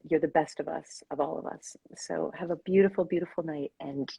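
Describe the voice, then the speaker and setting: Host, female, husky low voice, effusive and rambling, dry close sound. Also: fairly even intonation, brisk, dark tone, dry recording, poor audio. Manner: effusive, gushing, loose and rambling. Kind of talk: casual live-stream chat.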